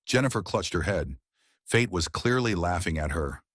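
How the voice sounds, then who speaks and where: Brief: low-voiced male narrator, husky, measured delivery, dry close mic. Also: fairly bright tone, no echo. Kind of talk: scripted audiobook narration.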